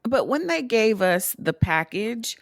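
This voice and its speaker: A woman's voice: fairly high pitch, very animated, slow pace, no echo, studio quality. A woman from the United States co-hosting a podcast. She chats casually and wryly about a TV show, laughing as she talks. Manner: wry, laughs while talking. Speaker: podcast co-host. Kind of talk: casual chat recapping a TV show.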